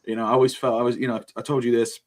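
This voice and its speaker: A man's voice: mid-range voice, flat delivery, rapid-fire. A man co-hosting a podcast, talking in a rambling, emotional way with swearing and frequent laughter. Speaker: podcast co-host. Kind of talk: casual chat.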